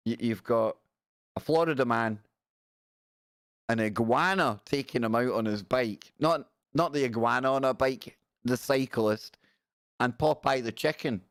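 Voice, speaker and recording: A man's voice: mid-range voice, unhurried, dry recording, studio quality. A man in his forties hosting a live stream, chatting in a rambling, joking way and reading out viewer messages. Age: 40s. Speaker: live-stream show host. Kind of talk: casual live-stream chat.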